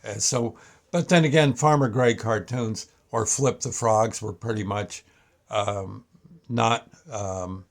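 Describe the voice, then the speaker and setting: An older man hosting a show, telling a childhood story in a casual, meandering way with many halting restarts. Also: on the low side, fairly even intonation, gravelly. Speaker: show host. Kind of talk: casual reminiscence.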